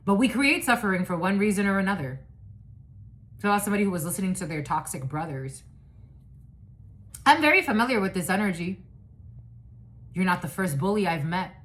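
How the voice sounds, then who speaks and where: A woman's voice: medium pitch, expressive, brisk, long pauses, fairly bright tone. A woman giving a casual spiritual reading, blunt and profane, who rambles, restarts and laughs often. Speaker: psychic reader.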